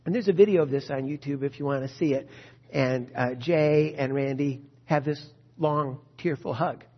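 Husky-voiced pastor preaching a sermon. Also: male voice, mid-range voice, normal speed, big-room sound. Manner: storytelling, then quiet earnest prayer. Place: church sanctuary. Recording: dull lo-fi sound.

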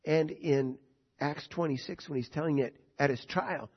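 A man's voice: on the high side, normal speed, husky, dull audio. A man teaching a Bible study lesson, reading scripture aloud and then explaining it in plain words, with rhetorical questions to his listeners.

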